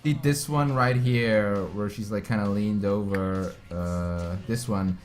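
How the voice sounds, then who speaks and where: A man's voice: fairly low pitch, steady tone, slow pace. A young man hosting an art livestream, chatting easily with his co-host and addressing viewers. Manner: easygoing, talks to chat. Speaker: streaming artist host. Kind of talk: casual chat.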